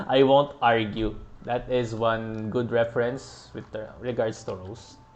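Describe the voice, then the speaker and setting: Man, casual game commentary, slow drawl, lively pitch. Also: a little hiss or hum. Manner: relaxed, chatty, laughs often. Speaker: gaming podcast host.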